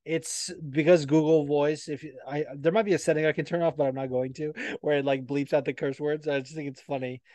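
A man's voice: on the high side, brisk, hardly any pauses, dry recording. A young man hosting a podcast, chatting casually and swearing a lot as he tells stories. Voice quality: profane, animated storytelling. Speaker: podcast host. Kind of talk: casual chat.

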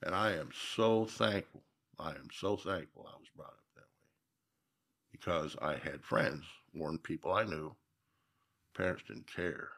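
A man's voice: deep voice, a little slow, vocal fry, fairly bright tone. A man from Minnesota, a guest telling stories in a casual interview, reflective and folksy with emphatic repeats.

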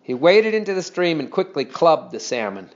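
Guy reading a kids story out loud, expressive, kinda muffled audio. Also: on the high side, normal speed. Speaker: narrator. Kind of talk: reading a children's story aloud. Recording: dull lo-fi recording.

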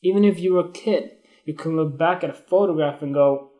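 A man's voice: a little high, normal speed, dark tone. Candid, cursing man musing on photography. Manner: candid, swears freely, wanders and restarts, grows emotional. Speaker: photography podcast host. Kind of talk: casual spoken monologue on Instagram Live.

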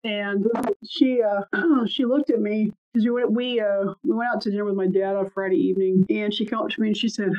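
A woman's voice: mid-range voice, fairly even intonation, a little fast. A woman podcast co-host in casual chat, telling family stories and swearing freely. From Ohio. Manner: chatty storyteller, swears freely. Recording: muffled lo-fi audio.

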